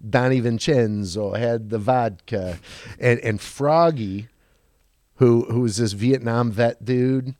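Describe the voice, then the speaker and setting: A man's voice: slow pace, dry recording, studio quality. A man in his forties telling stories from his car sales career on a podcast, with lots of restarts and quoted voices. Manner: animated storyteller, many restarts, acts out quotes in a higher voice. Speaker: car dealership guest. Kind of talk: podcast storytelling.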